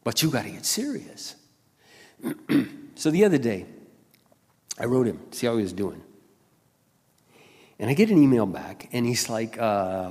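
A man preaching a sermon as a pastor, passionate, dropping to quiet asides and then rising to loud exclamations. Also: mid-range voice, big pitch swings, moderate pace, long pauses. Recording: long hall reverb.

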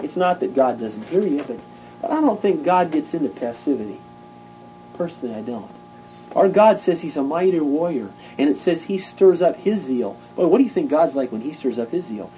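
A man's voice: fairly high pitch, dark tone, highs cut off. Fervent, conversational male preacher. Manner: fervent, conversational, acts out stories in voices. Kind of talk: informal sermon.

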